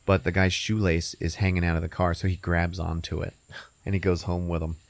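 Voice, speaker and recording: A man's voice: sits low, little pitch movement, a little fast, creaky, dry recording. A man hosting a podcast, rambling and swearing as he recaps a movie. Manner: rambling, laughing, profane. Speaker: podcast host.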